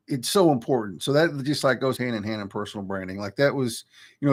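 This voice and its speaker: Relaxed man hosting an interview. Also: medium pitch. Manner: relaxed, conversational, affirming. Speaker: podcast host. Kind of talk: casual interview chat.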